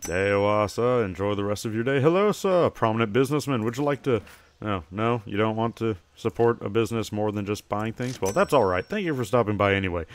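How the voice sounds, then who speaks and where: A man's voice: lowish voice, a little fast. A young man giving casual gameplay commentary, chatting to himself and breaking into playful, chirpy shopkeeper greetings to customers. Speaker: gamer.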